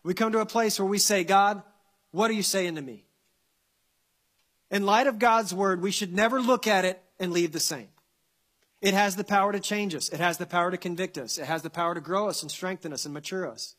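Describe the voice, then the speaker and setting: A man's voice: high-pitched, fairly quick, fairly bright tone. A male pastor preaching a sermon that ends in prayer, earnest and building to impassioned emphasis with repeated phrases.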